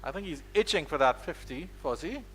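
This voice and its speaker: Male cricket commentator, Caribbean accent, bright and slightly high, lively live play-by-play. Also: a little fast, husky. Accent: Caribbean English. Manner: playful, rises sharply on boundaries.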